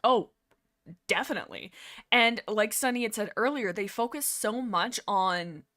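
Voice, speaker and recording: A woman hosting a casual fan discussion livestream, rambling excitedly, laughing often and correcting herself mid-sentence. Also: mid-range voice, measured pace. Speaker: livestream host.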